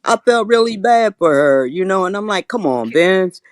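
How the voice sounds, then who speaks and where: A man's voice: sits high, expressive, moderate pace, dry recording, clean studio sound. A man on a livestream panel over an online call, taunting and insistent as he spills gossip. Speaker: panel participant. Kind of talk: confrontational livestream panel talk.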